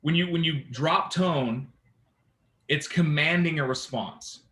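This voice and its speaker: A man leading a real estate sales training session, animated and engaging, often checking in with his team. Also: on the high side, slow, roomy sound.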